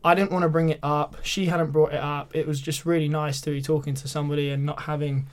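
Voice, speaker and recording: A man's voice: fairly high pitch, flat delivery, fast, clear, resonant tone. A young British man telling a story in casual chat as a podcast guest, full of filler words and restarts. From Britain.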